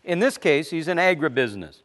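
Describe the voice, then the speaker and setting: A male pastor preaching a sermon, emphatic, repeating words as he builds a point and dropping to low, quiet asides. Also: lively intonation, a little fast.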